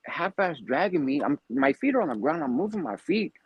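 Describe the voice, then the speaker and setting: A man telling a story casually, animated and profane with streetwise slang. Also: on the high side, fairly quick, husky, dry recording, rough recording.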